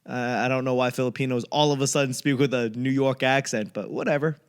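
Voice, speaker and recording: A young man hosting his own comedy podcast, rambling through a casual monologue and acting out other people in quick bits. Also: medium pitch, steady tone, clean tone. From United States. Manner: acts out voices in quick bits.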